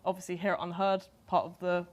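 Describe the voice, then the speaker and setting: Low-voiced woman hosting an interview. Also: flat delivery, fast. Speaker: interviewer and host. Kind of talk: live onstage interview. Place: event before a live audience.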